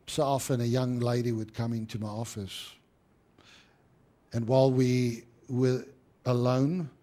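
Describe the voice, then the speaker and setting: A man preaching a sermon as pastor, rising to emphatic stress and dropping to hushed tones. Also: medium pitch, level tone, measured pace.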